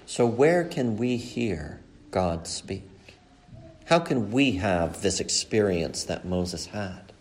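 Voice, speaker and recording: A male pastor preaching a sermon earnestly, climbing to emphatic peaks and dropping low and slow for key points. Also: animated, darkish tone, slight background noise.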